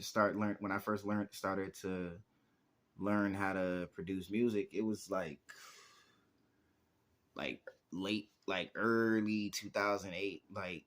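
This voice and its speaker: A man in his twenties, a music producer and rapper, telling stories in a casual, rambling interview with lots of filler words. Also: fairly low pitch. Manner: rambling, heavy use of "like" fillers.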